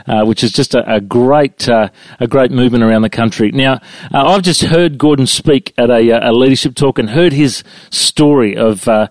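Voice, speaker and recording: A man's voice: medium pitch, normal speed, no echo. A man hosting an interview, introducing his guest enthusiastically with many restarts. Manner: enthusiastic, frequent filler restarts. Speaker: host.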